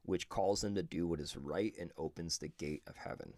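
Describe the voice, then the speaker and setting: A man's voice: deep voice, a little mellow, no echo. A man reading a stern divine teacher. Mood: solemn. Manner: measured, solemn scripture reading. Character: divine male charioteer-teacher exhorting a warrior, stern.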